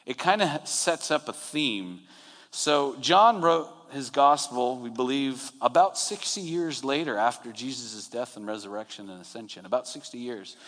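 A male pastor preaches a sermon in a conversational, storytelling manner, often slipping into quoted lines. His voice sits at an ordinary pitch for a man. The room lends it a long hall reverb. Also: normal speed, fairly bright tone. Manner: conversational, retells scenes with acted-out quotes.

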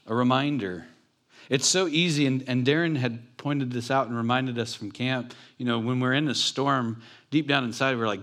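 This pastor's medium-pitched, fairly bright voice carries a sermon at a moderate pace. Joking and conversational, he talks with his congregation in the church building.

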